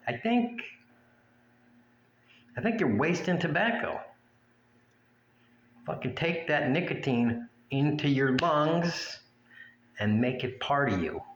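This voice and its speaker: Crude, mocking male ranter, unhurried delivery, faint room hum behind. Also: medium pitch, fairly bright tone, lo-fi sound. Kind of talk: profane rant to camera. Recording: echoey room with faint ambience.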